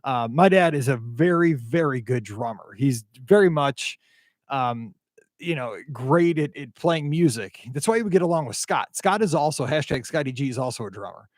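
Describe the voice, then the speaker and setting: A man's voice: medium pitch, expressive, normal speed, no echo, clean studio sound. A middle-aged man from the Midwest hosting a podcast, chatting casually in a rambling, enthusiastic way with frequent restarts. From American Midwest. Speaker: podcast host. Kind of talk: casual chat, reading listener feedback.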